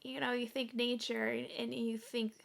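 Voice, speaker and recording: A woman in her forties talking earnestly to camera in a casual home vlog, halting now and then with fillers. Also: fairly high pitch, little pitch movement, creaky. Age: 40s. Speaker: vlogger. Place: indoors at home.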